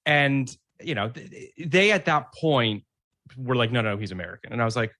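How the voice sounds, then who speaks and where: A man's voice: mid-range voice, lively intonation, normal speed, bright, forceful tone, no echo, studio quality. A man co-hosting a podcast, talking casually in a rambling way and laughing often.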